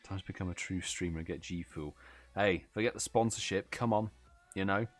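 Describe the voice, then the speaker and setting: A tired British man with a low voice hosts a casual live stream, talking a little fast over soft background music. He chats with viewers, reads out their messages, and yawns and laughs along the way.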